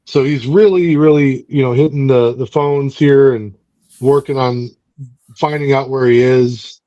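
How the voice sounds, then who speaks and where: A man's voice: mid-range voice, steady tone, a little slow, mellow, dry recording, dull audio. A man hosting a book club, casually recapping a comic book in a rambling way with lots of fillers. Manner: rambling, loose, many fillers.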